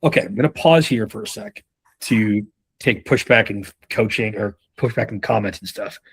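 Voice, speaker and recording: Husky, profane man in casual coaching talk. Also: lowish voice, moderate pace. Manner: profane, rambling, anecdotal. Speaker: sales leadership trainer.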